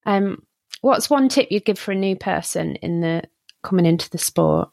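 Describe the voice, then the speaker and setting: A woman hosting a podcast, asking relaxed, teasing questions. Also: medium pitch, moderate pace, vocal fry, dry recording, studio quality. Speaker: podcast host. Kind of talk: casual interview.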